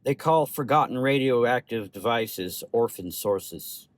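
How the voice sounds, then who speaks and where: A man voicing an older Russian doctor with a Russian accent, speaking slowly and gently. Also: medium pitch, lively intonation, dry recording. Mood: grave. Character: older male Russian doctor, kind, sad.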